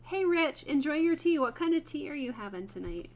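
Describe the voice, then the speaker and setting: A woman with a slightly high voice hosts a relaxed craft livestream. She chats easily with her viewers while she works, greeting them by name and laughing often. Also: fairly quick, slight background noise. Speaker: host of a wood burning livestream. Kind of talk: casual livestream chat while working.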